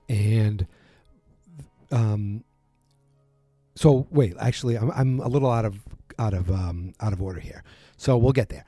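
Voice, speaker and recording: A man's voice: on the low side, moderate pace, dry recording, soft background music. A man casually recapping a TV episode, rambling and correcting himself as he acts out bits of dialogue. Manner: rambling, self-correcting, animated quotes.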